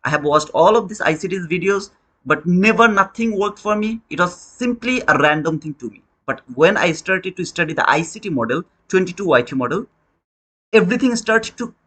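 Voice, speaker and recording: A man's voice: sits high, lively intonation, normal speed, pushed and bright. A man teaching trading in a preachy, repetitive way, often calling the listener brother, speaking English as a second language. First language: Bengali. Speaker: trading educator. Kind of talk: motivational lecture.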